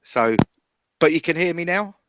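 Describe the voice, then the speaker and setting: A man chatting as a guest, telling relaxed, self-deprecating stories. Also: a little high, normal speed, a little hiss or hum. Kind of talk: casual online chat.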